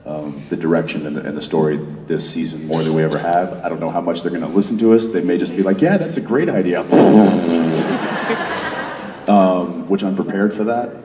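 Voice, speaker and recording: A man's voice: sits low, steady tone, moderate pace, noisy background. A man speaking as a panel guest in a large hall, rambling with many restarts. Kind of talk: convention panel talk. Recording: echoey hall from far off.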